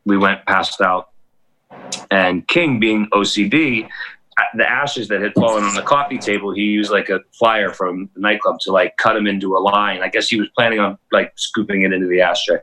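A man in his forties tells a rambling, profane story on a casual cannabis chat show. His voice is bright and forward, and it jumps up in pitch when he acts out the other people in the story. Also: fairly even intonation, moderate pace, low-quality recording. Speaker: DJ and podcast host.

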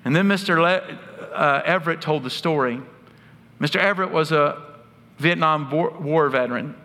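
Speaking at a moderate pace, a pastor tells his sermon as earnest stories with asides of wry humor. His voice is bright, somewhat high, and forceful, and a long hall reverb lingers after each phrase.

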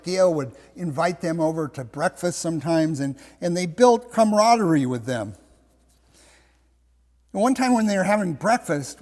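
A man preaching a sermon, telling a story with animated voicing of the people in it. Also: fairly high pitch. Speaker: pastor. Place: church sanctuary. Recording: long hall reverb.

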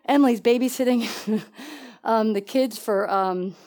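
Animated high-voiced woman preaching. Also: unhurried, a little hiss or hum. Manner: animated, laughing asides, talks to the congregation. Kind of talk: sermon.

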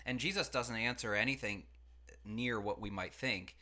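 A man with a bright, clear voice leads a casual teaching conversation from a studio. He unpacks ideas in a chatty, animated way, slipping into quick acted-out quotes. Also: medium pitch. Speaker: pastor and podcast host.

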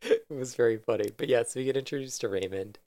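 A man co-hosting a casual podcast chat, quick and joking, laughing often. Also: mid-range voice, warm tone, no echo, studio quality. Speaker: podcast co-host. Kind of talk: casual chat about anime.

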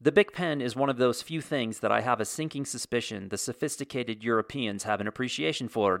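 A man's voice: mid-range voice, brisk, vocal fry, few pauses, dry recording, studio quality. A man in his forties hosting a casual solo monologue, telling stories in a wry, sarcastic way with comic exaggeration.

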